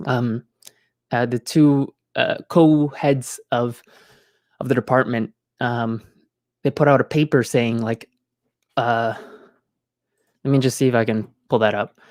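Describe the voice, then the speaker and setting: A man's voice: medium pitch, fairly even intonation, measured pace, pauses often, a little mellow, no echo. A man streaming from home, chatting casually into a close mic, rambling with many fillers and restarts. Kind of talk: casual live-stream chat.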